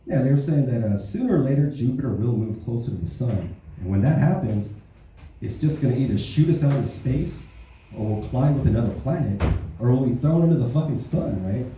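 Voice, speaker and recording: A man doing a stand-up comedy set at an open mic, telling rambling profane stories with a steady stream of tag questions. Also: mid-range voice, brisk, a little hiss or hum. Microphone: handheld stage mic. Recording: roomy club sound from far off.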